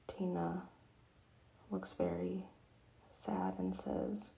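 Slow gravelly whispering woman, whispered role-play. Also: fairly low pitch, low-quality recording. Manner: soft whispered retelling. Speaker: storyteller.

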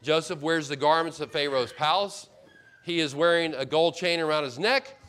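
Male pastor, sermon, earnest and emphatic, slightly high voice, repeats himself, frequent restarts. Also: normal speed, fairly bright tone. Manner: stumbles and restarts mid-phrase. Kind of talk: expository sermon.

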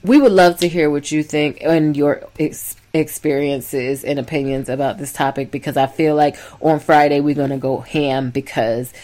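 A woman co-hosting a couple's podcast, telling her side with animated, emphatic storytelling. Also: deep voice, moderate pace, few pauses. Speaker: podcast co-host. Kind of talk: casual couple's podcast chat.

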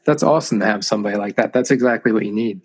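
A man's voice: fairly low pitch, rapid-fire, husky. A man hosting a podcast interview, easygoing and affirming, agreeing often with his guest. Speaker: podcast host. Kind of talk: casual interview conversation.

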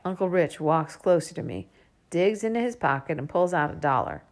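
A woman reads a storybook aloud in the first person, speaking as a young girl. Her voice sits slightly low, and her reading stays lively. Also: moderate pace. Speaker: audiobook narrator.

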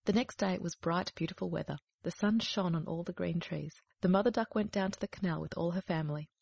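Female storybook narrator, steady and measured, husky and gravelly. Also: lowish voice, no room sound. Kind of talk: storybook reading.

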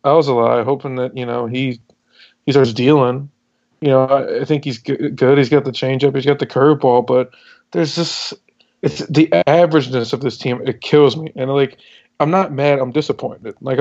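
Gravelly-voiced frustrated sports fan. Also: male voice, mid-range voice, a little mellow, dull audio. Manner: frustrated, rambling, swears. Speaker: podcast co-host. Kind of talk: casual sports talk.

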